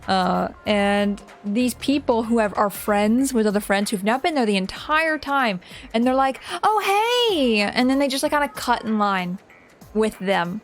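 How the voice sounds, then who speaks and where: Woman, game streamer, casual chatty commentary, animated, laughs a lot, slightly high voice. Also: measured pace, faint music behind.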